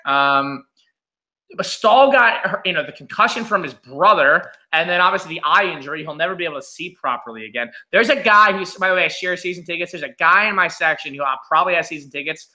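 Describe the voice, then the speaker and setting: A man co-hosting a casual hockey podcast, ranting in an animated way and often saying "like" and "listen". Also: fairly high pitch, fast, roomy sound. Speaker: podcast co-host.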